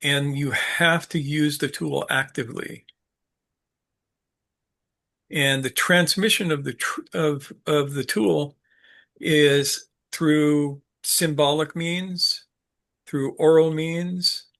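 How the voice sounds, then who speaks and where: A man giving an unscripted teaching talk, halting and full of fillers, with a dry sense of humor. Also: fairly high pitch, steady tone, vocal fry, fairly bright tone. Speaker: speaker leading a study group talk.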